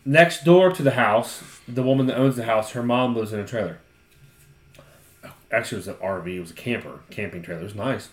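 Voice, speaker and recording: Ohio dude cussing through a story on a podcast, laughs a lot, echoey room. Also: male voice, mid-range voice, brisk. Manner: profane, storytelling, laughs often. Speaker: podcast co-host. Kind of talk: casual chat.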